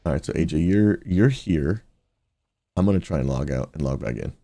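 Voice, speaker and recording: A man's voice: very deep voice, expressive, moderate pace, warm tone, no room sound. A man who pastors and streams, chatting casually with his viewers while gaming and slipping into preaching. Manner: upbeat, talks straight to chat, slips into preaching.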